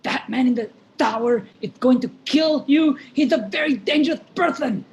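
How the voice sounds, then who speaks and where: A lisping, limping masked man, as a woman puts him on, urgent and evasive. He often drops to a whisper and pleads with a slightly high voice. A live play reading over a video call. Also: animated, unhurried, reverberant, lo-fi sound. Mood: hurried. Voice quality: lisp.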